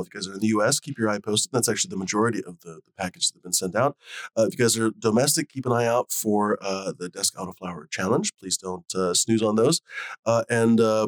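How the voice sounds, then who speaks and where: A man's voice: fairly low pitch, no echo. A man hosting a casual livestream, rambling with lots of fillers and casual swearing. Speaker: host. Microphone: desk mic on a live video call.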